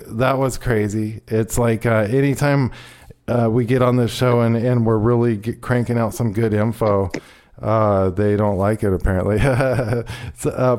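A man's voice: medium pitch, darkish tone. A male radio show host talking loosely and casually, swearing freely and bantering with his co-host. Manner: loose, profane, laid-back banter.

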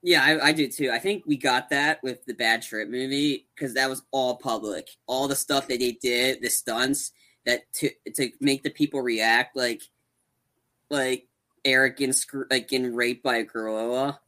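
A man recaps a film scene by scene in loose podcast chat. His voice is bright and forward. He rambles, restarts his sentences and gets animated as he goes. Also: medium pitch, moderate pace. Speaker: podcast co-host. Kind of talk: casual movie recap chat.

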